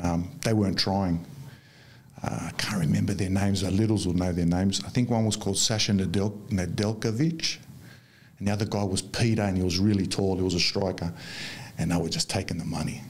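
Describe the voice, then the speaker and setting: A middle-aged man, a former soccer player telling stories in casual, animated chat. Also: sits low, moderate pace. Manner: animated, laughing while telling anecdotes. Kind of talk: casual storytelling.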